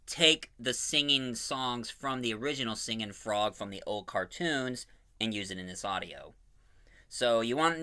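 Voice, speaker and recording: A man's voice: medium pitch, animated, moderate pace, sharp tone. A man hosting his own fan audio drama channel, chatting casually and enthusiastically about casting, rambling and correcting himself as he goes. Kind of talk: casual preview talk.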